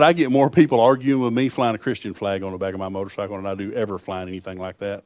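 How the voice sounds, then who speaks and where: A man's voice: on the low side, fairly even intonation, fast, hardly any pauses, no room sound, studio quality. A middle-aged man preaching a sermon, telling folksy stories that swell into fervent appeals.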